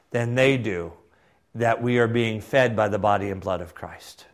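A man's voice: lowish voice, moderate pace. A man lecturing a class on church doctrine, explaining points and adding brief asides between quotations.

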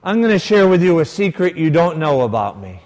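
A priest preaches a sermon in a slightly high, brisk, a little mellow voice with big pitch swings, telling a story with quoted dialogue and varied emphasis. The recording carries the long reverb of a large hall.

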